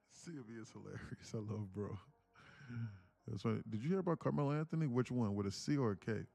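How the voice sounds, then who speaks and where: A man's voice: mid-range voice, lively intonation, moderate pace, gravelly, pauses often, dark tone. A man hosting a trading live stream in a loose, casual way, often repeating himself and restarting phrases as he reads the chat. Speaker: livestream trading host.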